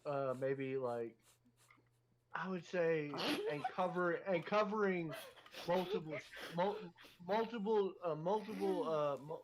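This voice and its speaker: A man's voice: high voice, slow, poor audio. A man chatting with friends in a rambling way, stumbling over his words as he jokes. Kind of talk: casual chat with friends.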